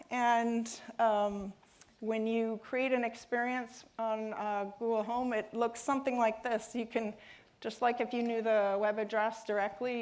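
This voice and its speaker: Woman speaker, lots of ums. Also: a little high. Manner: hesitant, many fillers and restarts. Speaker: conference speaker. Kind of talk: conference talk with Q&A.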